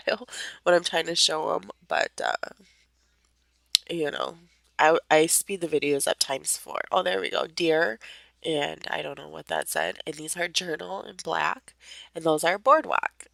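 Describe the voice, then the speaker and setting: Gravelly young woman chatting casually. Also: on the low side, moderate pace, fairly bright tone, no echo. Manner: rambling, many fillers, light laughs. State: voice a bit off from allergies. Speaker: crafter narrating her process video. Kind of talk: casual voice-over narration.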